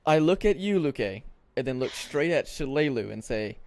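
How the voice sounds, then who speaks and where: A man's voice: medium pitch, big pitch swings, normal speed, a little mellow, no room sound. A man speaking as a player in a tabletop game, hesitant, often stammering at the start. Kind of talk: casual tabletop game chat.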